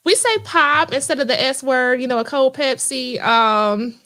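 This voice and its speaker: Chatty Midwestern woman with a high voice. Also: moderate pace. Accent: Midwestern American. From Midwest US (Cincinnati). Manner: chatty, storytelling, animated asides. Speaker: livestream host. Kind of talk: casual livestream chat.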